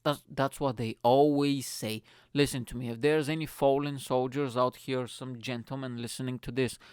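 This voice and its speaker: A man's voice: medium pitch, steady tone, normal speed, darkish tone, clean tone, no room sound. A man hosting his own podcast, telling comic stories casually, swearing freely and calling listeners "mate". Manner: chatty, swears freely, says "mate" a lot. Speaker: podcast host. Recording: dry close-miked voice.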